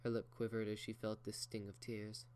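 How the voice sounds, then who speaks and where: A man reading a fan fiction story aloud in a slow, measured way. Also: lowish voice, monotone, darkish tone, a little hiss or hum. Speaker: reader.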